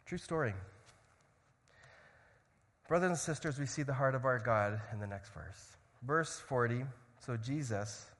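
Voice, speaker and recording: A man preaching a sermon, telling a story dramatically and swinging from loud shouts to hushed tones. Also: medium pitch, measured pace, pauses often, in a large hall.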